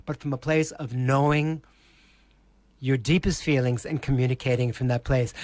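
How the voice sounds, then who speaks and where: A male presentation skills coach on a podcast, explaining voice technique slowly and deliberately, and demonstrating exaggerated inflections. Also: medium pitch, no room sound. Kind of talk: teaching voice technique in a podcast interview.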